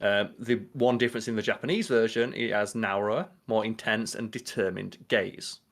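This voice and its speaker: A man's voice: fairly low pitch, fairly even intonation, normal speed, fairly bright tone. A young adult man co-hosting a podcast, chatting casually and riffing with a lot of swearing. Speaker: podcast co-host. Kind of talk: casual chat.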